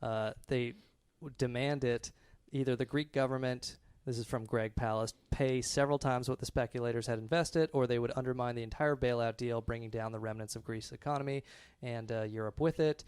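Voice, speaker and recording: A man's voice: mid-range voice, fairly even intonation, a little fast, few pauses, a little mellow, smooth, no echo. A man co-hosting a podcast, ranting sarcastically with many fillers. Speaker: podcast co-host. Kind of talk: casual chat.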